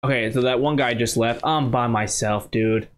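A man's voice: mid-range voice, steady tone, normal speed. A man from the United States giving chatty, casual commentary while playing a game, thinking aloud with many restarts. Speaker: gaming channel host. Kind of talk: casual let's-play commentary.

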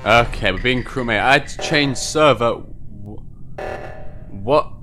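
A man giving excitable live commentary on his own gameplay, quick to get worked up and swear at other players. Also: mid-range voice, faint music behind. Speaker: gaming video host.

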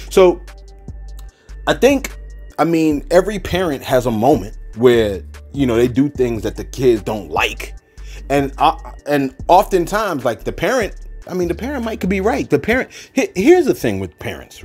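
Male gossip host, lively swooping delivery, slightly husky tone, chatty and rambling. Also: mid-range voice, normal speed, soft background music. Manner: rambling, animated, frequent restarts and asides to viewers. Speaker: celebrity news commentator. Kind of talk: casual commentary.

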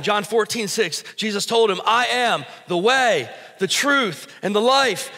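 A man's voice: sits high, bright, forceful tone, big-room sound. A pastor preaching a sermon in a church, talking conversationally and asking his congregation questions, then building to emphatic bursts. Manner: rises to emphatic, urgent bursts. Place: church sanctuary before a congregation.

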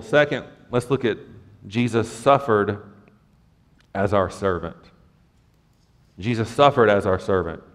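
A man preaching a sermon as pastor, conversational and lively, with asides to the congregation. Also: medium pitch, big-room sound. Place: church sanctuary.

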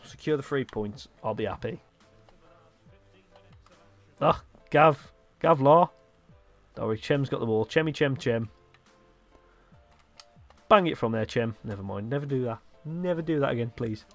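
A young man excitedly commentating his own football video game, swearing and shouting at his players. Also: mid-range voice, fairly quick, hardly any pauses, no echo, soft background music. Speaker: gaming YouTuber.

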